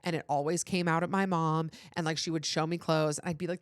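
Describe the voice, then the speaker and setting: A woman hosting a podcast talks in a loose, candid ramble, her voice sitting a little low. The sound is close and dry, with no room around it. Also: flat delivery, brisk, hardly any pauses, clear, resonant tone, no echo. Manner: candid, rambling, heavy use of "like". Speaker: podcast host. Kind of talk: casual chat.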